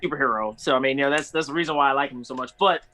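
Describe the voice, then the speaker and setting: A man's voice: medium pitch, racing, bright, forceful tone, rough recording. A man in his thirties on a convention panel, chatting casually and rambling with lots of fillers and easy laughs over a video call.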